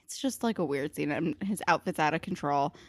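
Woman, casual podcast chat, sarcastic, low voice, dry close sound. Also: a little fast, no echo. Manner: chatty, sarcastic, swears freely, many "like" fillers. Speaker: podcast co-host. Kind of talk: casual chat recapping a TV episode.

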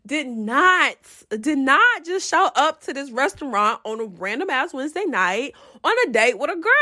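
A young adult woman telling a story to her viewers in a casual, profane, animated way, often breaking into laughs. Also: sits high, moderate pace.

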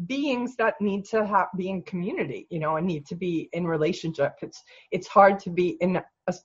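Husky, calm coach with muffled sound. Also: mid-range voice. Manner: calm, reflective, guiding prompts. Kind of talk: gentle coaching session.

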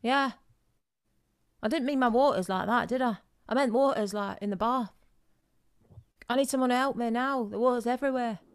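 Woman doing a brash hotel guest, put-on regional English accent, high and loud, creaky edge, indignant. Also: moderate pace, long pauses, no echo, clean studio sound, natural voice. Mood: demanding. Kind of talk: improv comedy game.

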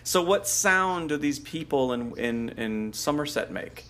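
A man's voice: fairly high pitch, expressive, a little slow, a loud crowd. Chatty man explaining with asides. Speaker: podcast co-host. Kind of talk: casual chat.

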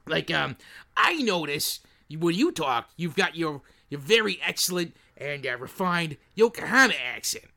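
A man's voice: on the high side, sing-song, creaky, bright, forceful tone, full character voice. A man doing a rambling, scheming film producer. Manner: rambling, halting with many fillers. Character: scheming male film producer, sleazy and eager. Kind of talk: improvised comedy sketch.

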